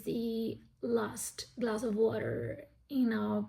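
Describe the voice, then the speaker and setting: Slow-talking, gravelly woman book vlogger. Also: on the high side, darkish tone. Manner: candid, heavy swearing, restless. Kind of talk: casual reading vlog.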